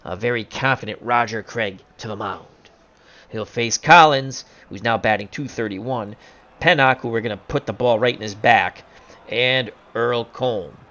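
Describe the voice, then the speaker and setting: A man doing jokey play-by-play commentary on a simulated baseball game, bursting into loud excitement on big plays. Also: mid-range voice, muffled recording.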